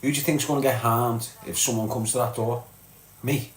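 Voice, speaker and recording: A Scouse man from Liverpool, England hosts a live stream, chatting bluntly with viewers, reading out their comments and swearing freely. His medium-pitched voice is steady and fairly quick, with a roomy sound and slight background noise.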